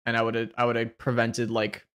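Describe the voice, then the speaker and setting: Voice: mid-range voice, completely flat delivery, normal speed, a bit bright, smooth. A card game streamer in casual gaming commentary, swearing freely and picking apart their own misplays in rambling, restarting sentences.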